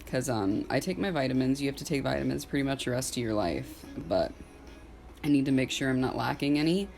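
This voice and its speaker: A young woman in her twenties speaks straight to camera in a personal vlog. Her talk is loose and unscripted, peppered with "like," and she is open about her feelings. Soft music plays faintly underneath. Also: extremely low pitch, expressive, brisk, gravelly. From Southern United States. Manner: casual, candid, filler-heavy, with frequent "like"; openly emotional at times.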